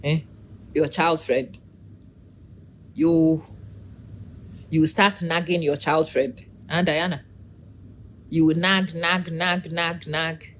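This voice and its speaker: A middle-aged woman giving a casual, animated opinion monologue, preachy and teasing, calling out to viewers by name. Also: low voice, slow pace, pauses often, a little hiss or hum. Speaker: vlogger.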